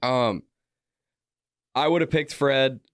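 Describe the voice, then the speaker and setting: A man's voice: medium pitch, takes it slowly, dry recording. A young man talking earnestly as a co-host on a sports radio show. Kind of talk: casual sports talk. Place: radio studio.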